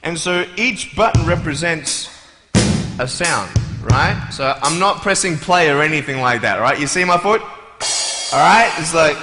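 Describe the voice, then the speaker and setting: A man's voice: fairly high pitch, animated, measured pace, music in the background. A man with an Australian accent giving a humorous motivational speech on stage, a playful storyteller who acts out his scenes. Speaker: motivational speaker. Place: large hall, on stage before an audience. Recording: echoey hall with long reverb.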